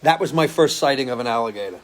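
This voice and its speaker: A man's voice: mid-range voice, lively intonation, fast talker. A man hosting a live stream as a musician, chatting casually and answering viewer comments, loose and swearing freely. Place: home, living in Florida.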